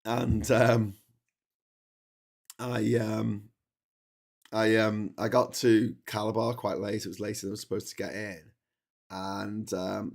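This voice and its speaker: A man's voice: lowish voice, gravelly. A man hosting a long solo livestream, telling travel stories in a rambling way with many restarts while he is losing his voice. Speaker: livestream host. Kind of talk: casual travel storytelling. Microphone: streaming setup.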